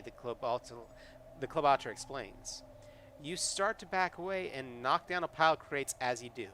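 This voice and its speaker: A man's voice: a little high, big pitch swings, moderate pace, pushed and bright, a little hiss or hum. Rambling man streaming a solo game. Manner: rambling, many fillers and restarts. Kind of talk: live solo tabletop game, narrating and chatting.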